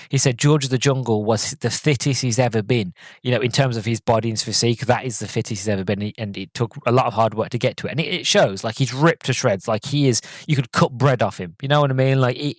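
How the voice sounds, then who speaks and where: Animated young man, dry close sound. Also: no room sound. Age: 20s. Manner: animated, rambling, with many restarts and quick pitch jumps. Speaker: podcast host. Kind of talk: casual solo movie review podcast.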